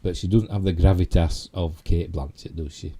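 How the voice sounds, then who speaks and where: Deep and mellow, this man's voice holds a steady tone at normal speed. A Yorkshireman from England with the accent to match, he hosts a casual live stream, meandering through geek news with lots of "you know" and tag questions.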